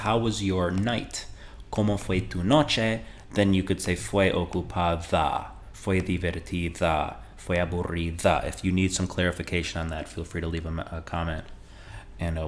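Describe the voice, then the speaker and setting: A man teaching Spanish in a relaxed, conversational video lesson, modeling phrases slowly for beginners. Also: deep voice, a little hiss or hum.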